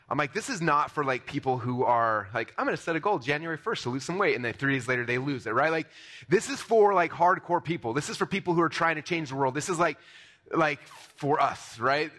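A man delivers a motivational seminar talk at a brisk, rapid clip. His voice is bright and forceful, and he speaks in a loose, energetic way, full of fillers and quick restarts. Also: mid-range voice.

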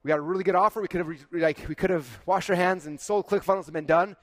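Fast-talking animated male keynote speaker. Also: high-pitched. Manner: animated, acts out dialogue, frequent "like". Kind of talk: storytelling keynote. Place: conference stage.

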